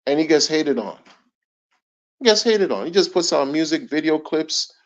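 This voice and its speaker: A man's voice: on the high side, animated, normal speed. A middle-aged man ranting in casual commentary, emphatic and slangy, repeating his points. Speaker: commentary channel host. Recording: dull lo-fi recording.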